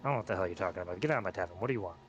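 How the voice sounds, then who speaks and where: A man's voice: sits low, lively intonation, very fast, slightly rough, pitched below the performer's own voice. A man doing a blustering, grumpy goblin innkeeper. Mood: angry. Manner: hostile, blustering. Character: squat fat grumpy male goblin tavern owner.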